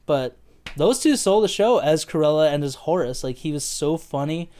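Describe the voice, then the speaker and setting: An American man rambles through a relaxed movie review, full of fillers and casual swearing. His voice is smooth and clear, pitched a touch high for a man. He laughs easily along with his co-host. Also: moderate pace. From United States. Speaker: podcast co-host. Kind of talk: casual film review chat.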